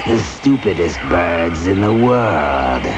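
A man's voice: sits low, lively intonation, slow pace, noisy background. A man voicing a male rainforest creature who gives a snide clue report on a TV game show. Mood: sneering.

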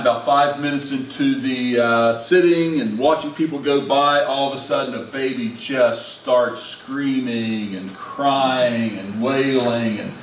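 A male pastor preaching a sermon and leading prayer in a folksy, conversational way with many restarts. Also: mid-range voice. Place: church sanctuary. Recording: echoey church, distant, faint hiss.

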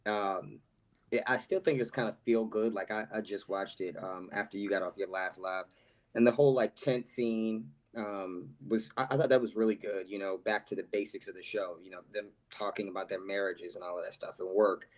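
A man's voice: on the low side, fairly even intonation, a little fast. A man calling in to a live show, giving frank and rambling opinions. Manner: frank, rambling, some restarts. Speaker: caller. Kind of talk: casual call-in opinion.

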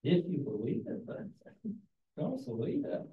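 A man's voice: fairly high pitch, wildly swooping pitch, unhurried, narrow, tinny audio. A man in a church class giving an opinionated, sarcastic comment in a mocking tone. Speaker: class participant. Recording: echoey room, mic far off.

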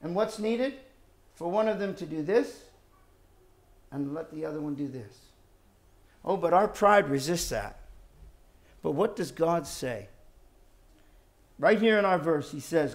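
A man with a high, lively voice delivers a sermon. He presses his points with rhetorical questions and shifts between forceful emphasis and hushed, low asides. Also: unhurried, long pauses. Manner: emphatic, rhetorical questions, swings from loud to quiet. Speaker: preacher.

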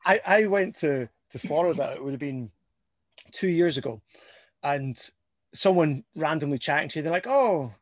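A man's voice: a little high, normal speed, no room sound. A Scottish man co-hosting a casual chat, joking and steering the talk, often stumbling on his first words. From Scotland. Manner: jokey, steers the talk, stammers on starts. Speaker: co-host of a collectors' chat show. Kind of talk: casual video-call chat.

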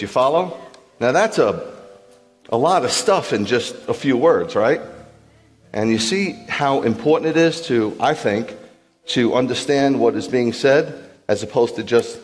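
Speaking a little slowly in a mid-range voice, a male rabbi addresses his congregation in a large hall as faint music plays. His sermon is animated teaching, full of questions to the room to make sure people are keeping up.

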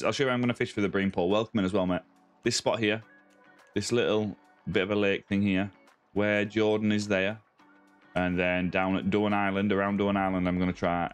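Aussie guy streaming, lowish voice, chill chat w viewers, mate and buddy every line, bit of music behind. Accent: Australian. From Australia. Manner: friendly, greets viewers by name, calls them mate and buddy. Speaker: game streamer. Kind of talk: casual live-stream chat reading viewer comments. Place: home streaming setup with a ring light.

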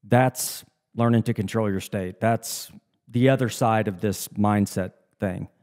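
Guy on a podcast, low mellow voice, earnest and reflective, kinda motivational. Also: unhurried. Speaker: podcast co-host. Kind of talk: casual podcast chat.

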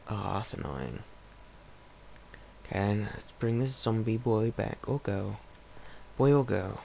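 Gaming host: guy, low and a bit gravelly, chatty let's-play narration that keeps talking to his pets. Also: takes it slowly, a little mellow, slight background noise. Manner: chatty, coaxes his in-game pets along. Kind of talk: casual let's-play commentary.

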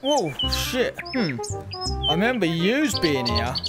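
Over loud background music, a woman streams VR gameplay on a headset, firing off crude, sweary banter at the game characters in chaotic commentary. Her voice is fairly low, very animated and slow.

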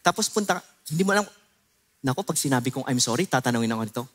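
Animated Filipino-accented pastor preaching. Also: male voice, medium pitch, rapid-fire. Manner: animated, mixes Tagalog and English, jokes with the congregation. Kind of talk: sermon. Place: church service.

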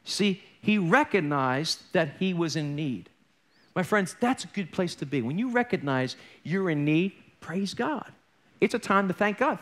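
High bright-voiced male preacher. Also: expressive, measured pace. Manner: conversational, jokey asides and acted-out quotes. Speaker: pastor. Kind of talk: sermon.

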